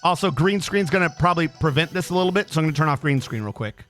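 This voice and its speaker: A fairly high, bright-toned man with a throat infection, streaming live and ranting in an exasperated, profane way. Faint music plays quietly under his voice. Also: expressive, fast talker. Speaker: game streamer. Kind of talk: casual livestream chat.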